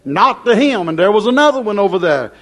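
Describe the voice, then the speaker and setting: A high-pitched male preacher delivers a fiery revival sermon. He hammers his warnings through repetition, and his pitch climbs and sinks as he goes. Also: very animated, fairly quick, fairly bright tone.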